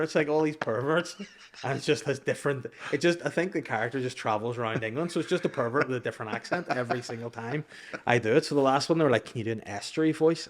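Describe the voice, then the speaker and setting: Rambling, joking man in casual chat. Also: mid-range voice. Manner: joking, rambling with frequent restarts. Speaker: actor guest.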